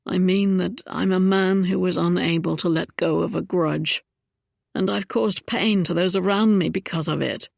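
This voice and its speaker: A woman's voice: on the low side, fairly even intonation, moderate pace, vocal fry, no echo, clean studio sound. A woman voicing a charming, roguish young Regency duke in an audiobook, speaking wryly and then earnestly.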